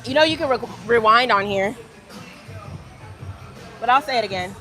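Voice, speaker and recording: A woman's voice: fairly high pitch, normal speed, pushed and bright, faint music behind. A young woman from Virginia chatting casually with her livestream viewers from a gym, talking them through her workout. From Virginia, United States. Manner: chatty, addresses viewers as y'all. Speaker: livestreaming fitness creator. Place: gym, indoors.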